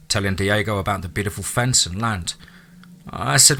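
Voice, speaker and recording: A man narrating a listener's true ghost story in a dramatic storytelling manner, dropping into low asides. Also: normal speed, pushed and bright, a little hiss or hum.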